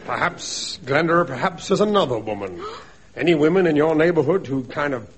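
A man's voice: on the high side, lively intonation, fairly quick, slight background noise. A man narrating a comedy sketch and playing the girl's father, hammy and mock-dramatic.

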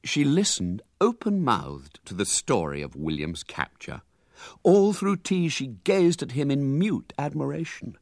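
A man reading a children's story aloud with lively, animated narration. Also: mid-range voice, a little slow, no room sound, clean studio sound.

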